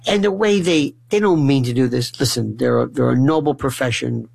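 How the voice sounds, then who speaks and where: A middle-aged man telling funny family stories in a lively way, often stumbling and restarting his words. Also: medium pitch, moderate pace, creaky, husky, poor audio. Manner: animated, acts out family dialogue in shifting voices. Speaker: storyteller. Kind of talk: humorous personal storytelling monologue.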